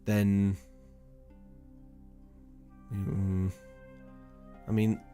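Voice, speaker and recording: A young man talks slowly through a puzzle game in a lowish voice, thinking aloud and sighing with exasperation. Casual, muttered commentary with faint music under it. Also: level tone, mellow. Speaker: let's play streamer.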